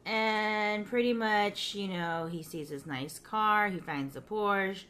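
A woman's voice: mid-range voice, takes it slowly, a bit bright. A woman co-hosting a podcast, casually recapping a sitcom episode and peppering it with "you know" and "like". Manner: chatty, fills with "you know" and "like", laughs often. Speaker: podcast co-host.

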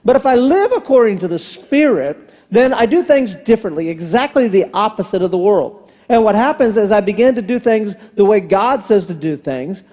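Man in his fifties, pastor, high mellow voice, storytelling sermon, long church reverb. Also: animated, normal speed. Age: 50s. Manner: storytelling preacher who acts out family dialogue. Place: large church hall. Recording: long hall reverb from the sanctuary.

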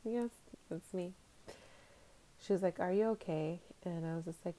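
A young adult woman hosts a podcast, sharing a personal story candidly and reflectively while acting out what other people said in dialogue. Her voice is lowish with a dark tone, and she speaks at a moderate pace.

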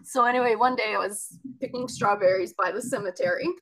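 A woman's voice: medium pitch, brisk, a bit bright, poor audio. A woman telling a personal childhood story in conversation, chatty and rambling with many asides.

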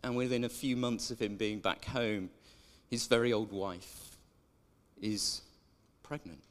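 A man's voice: fairly low pitch, a little slow. A man preaching a sermon in a chatty way, drawing in the congregation with questions. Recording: echoey church hall.

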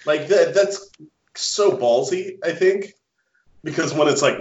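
A man in casual podcast conversation, animated and quick to laugh, with filler words running through his sentences. His voice sits in a roomy space, and the recording sounds slightly dull and lo-fi. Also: a little high. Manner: enthusiastic, frequent fillers and laughs. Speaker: podcast co-host. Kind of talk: casual chat.

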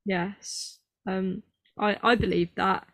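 A woman's voice: medium pitch, level tone, slow, fairly bright tone, dry recording. Young woman host, casual and rambling, self-deprecating, mid-range voice, dry close recording. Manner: chatty, rambling, self-mocking, lots of ums. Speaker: podcast host. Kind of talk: casual chat.

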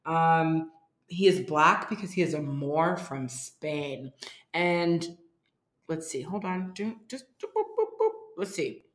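A woman chatting casually as a podcast co-host, lively and reading facts aloud. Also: low voice, takes it slowly, roomy sound. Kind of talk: casual chat.

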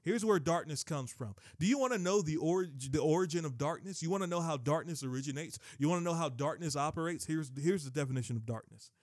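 A man's voice: a little high, fast talker, few pauses, darkish tone, dry recording, clean studio sound. A man preaching a sermon with emphatic delivery, often repeating and restarting his phrases. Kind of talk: sermon teaching.

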